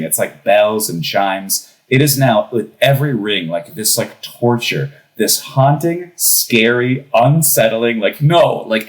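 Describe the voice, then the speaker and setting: A young man with a fairly low voice tells a personal story in an easy, conversational way. He gets animated as he goes and laughs through the funny parts. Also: rough recording. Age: young adult. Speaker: podcast guest. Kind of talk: casual storytelling.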